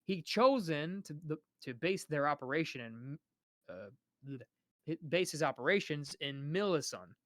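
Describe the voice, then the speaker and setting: A man's voice: fairly high pitch, animated, normal speed, fairly bright tone, no echo, studio quality. A young man reading a novel aloud on a live stream, often stumbling over names and restarting words.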